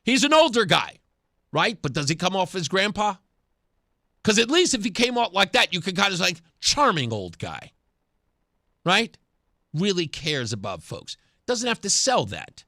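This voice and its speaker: A man's voice: high-pitched, very animated, normal speed, pushed and bright, no room sound, studio quality. A man hosting a talk radio show, giving sarcastic political commentary and laughing often. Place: radio studio.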